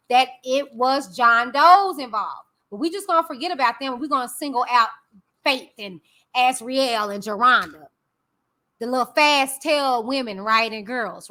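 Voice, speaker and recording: Bright, high-voiced woman giving blunt commentary. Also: moderate pace. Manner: candid, opinionated, talks directly to viewers. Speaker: YouTube commentary host. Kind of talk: casual live-stream commentary.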